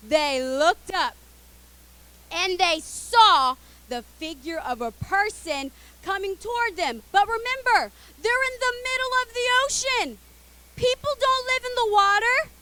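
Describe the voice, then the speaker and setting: Teaching children, a young woman tells a Bible story playfully and expressively, getting the kids to call out and join in. Her pitch is extremely high.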